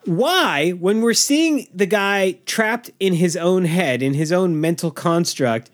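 A man's voice: high-pitched, expressive, slow, hardly any pauses. A man co-hosting a podcast, talking in casual movie-review chat with a ranting, exasperated manner. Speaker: podcast co-host.

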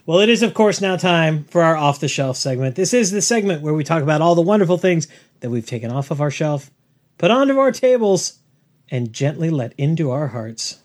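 A man's voice: fairly high pitch, big pitch swings, a little fast. Wry man in his forties co-hosting. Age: 40s. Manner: wry, playful banter. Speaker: podcast co-host. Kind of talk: casual chat.

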